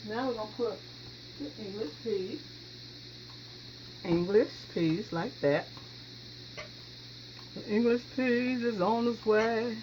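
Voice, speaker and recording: A woman's voice: fairly high pitch, takes it slowly, long pauses. A woman hosting a home cooking video, chatting folksily to viewers as she works in her kitchen. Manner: folksy, chatty, talks straight to viewers with frequent y'all. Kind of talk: casual cooking demonstration. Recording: dull lo-fi sound with steady background noise.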